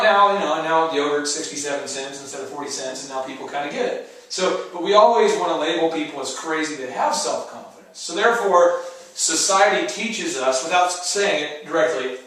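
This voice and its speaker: Brief: higher-pitched male motivational speaker, emphatic, slips into mock voices, mic far off in a roomy space. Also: expressive, moderate pace, a bit bright. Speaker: entrepreneur co-host giving advice. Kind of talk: motivational talk show. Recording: echoey room, distant mic.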